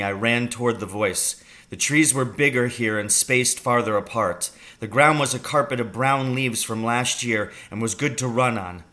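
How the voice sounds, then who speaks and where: A man reads a children's novel aloud with slow, deliberate storytelling. His voice is bright, and his pitch sits in the middle range. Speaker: reader.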